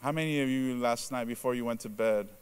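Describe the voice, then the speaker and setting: A man's voice: fast, clear, resonant tone. A man preaching a sermon in a conversational way, asking the congregation questions and adding "right?" to his points. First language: Spanish. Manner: acts out quoted reactions in a lowered voice.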